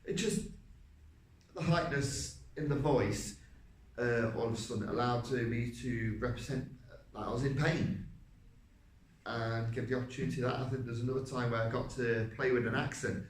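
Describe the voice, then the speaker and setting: A man, an actor, reflecting on his vocal technique, halting and searching for words. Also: medium pitch, fairly even intonation. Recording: roomy, distant mic.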